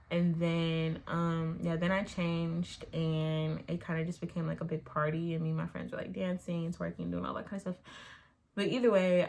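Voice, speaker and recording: A young adult woman chats casually on her vlog, answering viewer Q&A as a YouTuber. She rambles with lots of filler words, and her voice is lowish, gravelly, and a little mellow.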